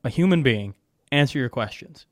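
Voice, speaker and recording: A man from Canada in casual conversation, telling stories with animated asides and mimicry. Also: mid-range voice, moderate pace, no echo, studio quality. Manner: animated storytelling, mimics phone systems. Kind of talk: casual chat.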